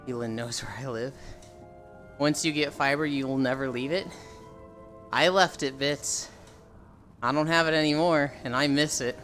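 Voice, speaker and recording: A young adult livestreamer with a mid-range, slightly bright voice chats casually with viewers. The talk rambles, the swearing flows freely, and chat messages get answered as they come in.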